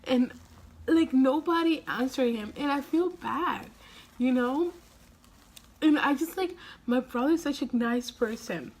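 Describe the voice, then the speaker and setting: Still tearful from crying, the young woman vlogs casually, rambling with little laughs and sighs. She speaks at a measured pace in a high-sitting voice with a darkish tone.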